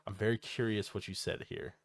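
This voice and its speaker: Lower-voiced blunt man on a podcast. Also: flat delivery. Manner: blunt, swears often, quick laughs. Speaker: podcast co-host. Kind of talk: casual wrestling chat.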